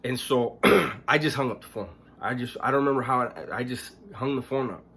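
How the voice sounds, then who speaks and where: A man recounting a painful memory in a casual, halting way, restarting sentences, clearing his throat and swearing bluntly. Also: mid-range voice, sharp tone. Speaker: storyteller recounting his past. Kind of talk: casual spoken storytelling.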